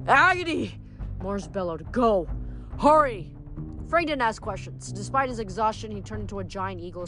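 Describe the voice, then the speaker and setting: A woman's voice: mid-range voice, fairly bright tone. Woman reading a novel aloud. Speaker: audiobook reader.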